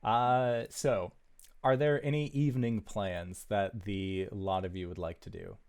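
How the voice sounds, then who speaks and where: Man GM, unhurried, smooth low voice, descriptive narration full of ums. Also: steady tone, darkish tone. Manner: descriptive, with many fillers. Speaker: game master. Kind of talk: narrating a tabletop game.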